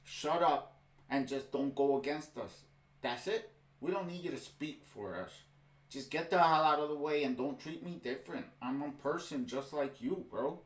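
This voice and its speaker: A man's voice: a little high, moderate pace. A man hosting a reaction video, ranting in heated, exasperated commentary and saying "bro" often. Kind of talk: ranting commentary over a clip. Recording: roomy echo.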